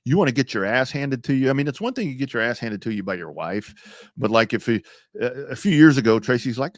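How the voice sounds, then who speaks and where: A man's voice: medium pitch, animated, a little fast, dry recording, clean studio sound. A male sports talk co-host, chatty and joking, with casual swearing.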